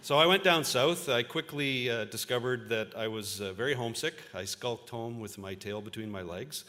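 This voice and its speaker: A journalist in his fifties from Ontario, Canada, gives a convocation speech in a large auditorium with a long reverb tail. His mid-range voice, pushed and bright at normal speed, delivers anecdotes with a few fillers.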